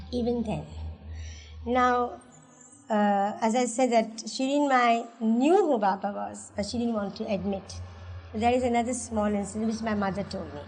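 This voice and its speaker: A woman's voice: on the high side, a little mellow, rough recording. A woman with an Indian English accent telling family stories in an oral history interview, laughing often and acting out the voices she quotes. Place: religious center.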